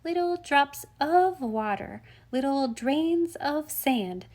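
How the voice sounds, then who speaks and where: Woman doing a tiny boy's high baby voice. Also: expressive, a little mellow. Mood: proud. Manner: slow, emphasis on the wrong words. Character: small boy reciting a verse in baby voice. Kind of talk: audiobook reading.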